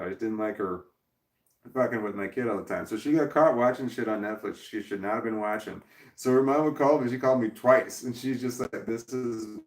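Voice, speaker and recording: A man's voice: medium pitch, far from the mic. A man casually telling a long personal story to camera, rambling and profane, with frequent restarts and chuckles. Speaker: vlogger. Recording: roomy echo, voice off-mic.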